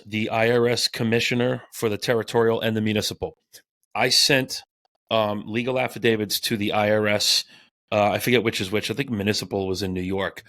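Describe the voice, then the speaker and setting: A man co-hosting a casual podcast, reading aloud and riffing, animated, swearing and tripping over his words. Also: on the low side, no echo. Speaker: podcast co-host.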